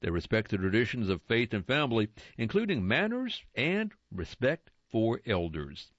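Male reader, measured, on-air magazine reading, muffled lo-fi and dry. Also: fairly low pitch, big pitch swings, fairly bright tone, no echo. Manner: measured, deliberate reading with slowed emphasis on key words. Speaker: radio reader of magazine articles. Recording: dull lo-fi dry broadcast sound.

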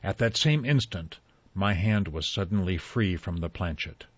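Low, husky male narrator reading a spooky tale with hushed suspense, over dull lo-fi audio and faint music. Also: animated, moderate pace. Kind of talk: scripted ghost story narration.

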